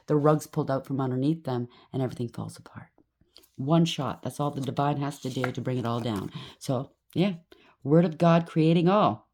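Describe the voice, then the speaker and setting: Low-voiced woman giving a tarot reading. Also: darkish tone. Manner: addresses viewer directly, frequent "okay?" check-ins; acts out quoted voices with sudden rises. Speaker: tarot reader. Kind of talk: tarot card reading for viewers.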